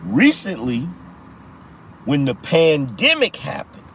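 A man's voice: fairly high pitch, huge pitch swings, slow pace, fairly bright tone, slightly rough. A man hosting a live political commentary show, talking in a slangy, repetitive style and teasing his audience. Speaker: podcast host.

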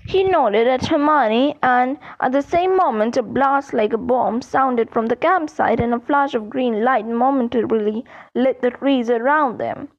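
A woman narrating a storybook in a slow, expressive reading. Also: on the high side, muffled recording. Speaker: audiobook narrator.

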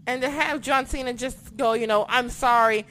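A woman's voice: high voice, a little fast, a bit bright, slight background noise. A young woman co-hosting a casual wrestling chat, ranting animatedly and swearing often. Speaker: wrestling podcast co-host.

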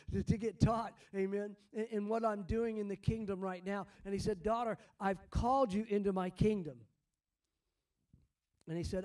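Fervent prophetic minister, man, high voice, mellow tone, heard from a distance off the mic. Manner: fervent, repeats words, quotes God as speaking. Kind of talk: prophetic ministry over congregants.

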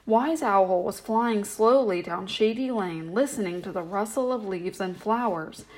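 A woman reading a children's bedtime story aloud in a gentle, steady way. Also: mid-range voice, measured pace, poor audio.

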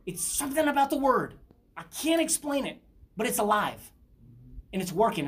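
A woman's voice: a little high, sing-song, normal speed, long pauses. A middle-aged woman teaching a Bible study in an earnest, conversational preaching style, often asking her listeners questions.

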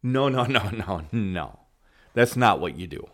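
A man's voice: lowish voice, animated, unhurried, fairly bright tone. Blunt, swearing male podcast host. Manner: blunt, emphatic, swears freely. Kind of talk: casual opinionated chat.

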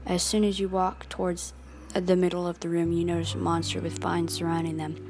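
A woman's voice: on the low side, flat delivery, fairly quick, darkish tone. A young woman telling a story in the second person, dramatic and questioning, with music behind.

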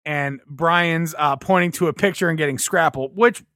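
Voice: mid-range voice, normal speed, a bit bright, no echo, clean studio sound. A podcast co-host chatting casually and telling rambling anecdotes. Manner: rambling storyteller, laughs through anecdotes. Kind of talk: casual chat.

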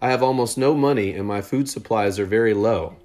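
Storybook figure: a timid, anxious runaway teen girl, voice pitched up, read by a man. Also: a little fast, darkish tone, lightly acted. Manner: timid and hesitant, stammers. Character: frightened runaway teenage girl.

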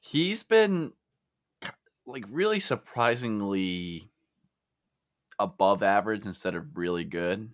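A man co-hosting a casual podcast, talking in an animated way, with his voice jumping up when he makes a point. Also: fairly low pitch, slow, long pauses, dry recording, clean studio sound. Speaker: podcast co-host. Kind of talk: casual chat about a fantasy baseball league.

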